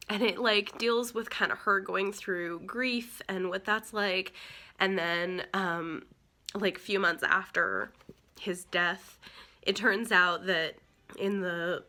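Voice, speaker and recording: Bright-voiced chatty young woman book vlogger. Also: lowish voice. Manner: chatty, gushing, many "like" fillers. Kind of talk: casual vlog chat.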